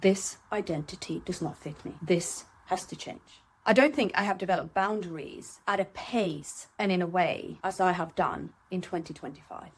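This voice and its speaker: A middle-aged woman hosting a reflective solo podcast, candid and animated, talking from her home. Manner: candid and animated, voice jumps high when acting out her own thoughts. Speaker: podcast host. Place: seated at home.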